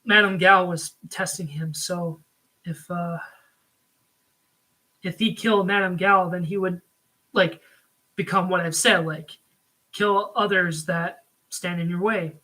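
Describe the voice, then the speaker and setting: A man's voice: high-pitched, fairly even intonation, slow, long pauses, sharp tone, rough recording. A man giving a casual spoken review, rambling with frequent ums and likes. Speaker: video reviewer.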